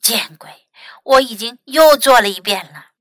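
A woman's voice: on the high side, expressive, normal speed, a bit bright, dry recording, studio quality. A woman voicing a fussy mother fox in a storybook.

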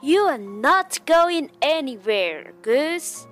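A woman's voice: high-pitched, big pitch swings, slow, a bit bright, full character voice. A woman voicing a sly, scheming male fox in a children's storybook read-aloud, speaking in a sneering, commanding way. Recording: faint music behind.

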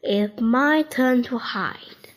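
A woman voicing an eager, excitable young boy in a children's storybook read-aloud, calling out in a raised voice. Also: very slow. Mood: playful. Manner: calls out with raised pitch.

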